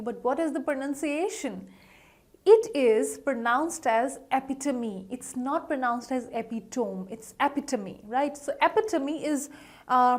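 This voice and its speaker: A woman teaching pronunciation in an online lesson, upbeat, quizzing viewers and repeating each word slowly. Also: sits high.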